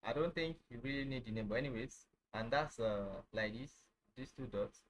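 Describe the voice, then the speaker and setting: A man teaching a casual online lesson, halting, with many fillers, who says each phrase over and over. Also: medium pitch, slight background noise, rough recording. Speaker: language teacher.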